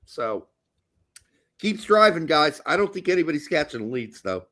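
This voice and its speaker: A man's voice: on the high side, big pitch swings, moderate pace, fairly bright tone. A man co-hosting a casual soccer podcast, blunt and crude, talking emphatically. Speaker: podcast co-host.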